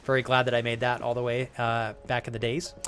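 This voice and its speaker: A man's voice: mid-range voice, completely flat delivery, a little fast, fairly bright tone, faint music behind. A man live-streaming a game, joking crudely with chat and thanking viewers as he plays. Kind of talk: live gaming stream banter.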